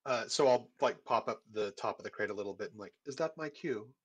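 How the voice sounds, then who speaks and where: A man's voice: lowish voice, fairly even intonation, fast talker, breathy edge, highs cut off. A man playing in a tabletop game, talking casually about his character's actions. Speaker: player.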